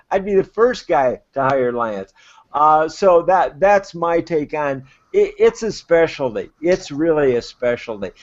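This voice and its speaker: Enthusiastic adviser, male, higher-pitched, dull lo-fi call audio. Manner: excited, rambling, self-described natural enthusiast. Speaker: crowdfunding adviser. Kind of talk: enthusiastic advice on a live web show. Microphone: video call.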